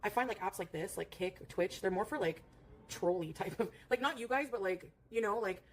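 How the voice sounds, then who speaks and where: A woman's voice: mid-range voice, a little fast, faint music behind. A woman streamer chatting casually in a rambling way, full of fillers, and cooing at her cat between remarks. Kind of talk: casual livestream chat.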